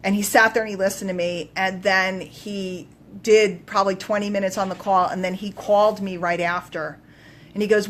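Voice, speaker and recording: A woman coach telling a story on a live stream, emphatic and animated, swinging between loud bursts and quiet asides. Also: medium pitch, moderate pace, slight background noise. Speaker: business coach.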